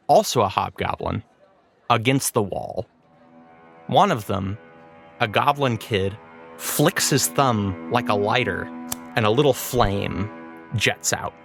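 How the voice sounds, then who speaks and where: A man at a middle pitch narrates a tabletop game as game master. He tells the scene in a loose, storytelling way with small restarts. Soft music sits under his voice.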